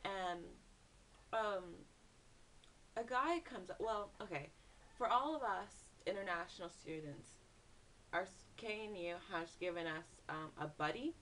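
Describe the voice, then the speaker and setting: A woman's voice: lowish voice, a little slow, distant mic, a little hiss or hum. Young woman telling a story, slightly off-mic. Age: young adult. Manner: animated, says "like" a lot, acts out screams in quotes. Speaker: vlogger. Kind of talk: casual storytelling vlog.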